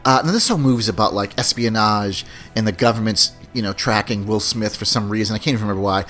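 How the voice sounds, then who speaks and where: A man's voice: fairly low pitch, quick pace, fairly bright tone, soft background music. A man hosting a podcast in a casual, rambling monologue, chatty and loose, often tossing in "man" and "you know". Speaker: podcast host.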